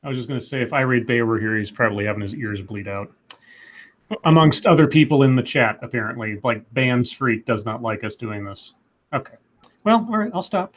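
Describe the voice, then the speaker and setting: A man's voice: medium pitch, lively intonation, fairly quick. A man hosting a casual podcast, reading news stories aloud and adding sarcastic asides. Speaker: podcast host.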